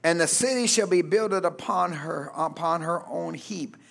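A man pastor preaching a fervent sermon, reading scripture and calling for amens from the congregation, often shouting. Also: a little high, measured pace, gravelly. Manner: reads scripture aloud, then explains it.

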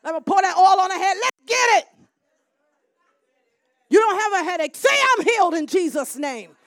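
A middle-aged woman minister preaching a sermon, swinging from quiet storytelling to loud shouted calls and crowd call-and-response. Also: extremely high pitch, lively intonation, moderate pace, long pauses, no room sound, studio quality.

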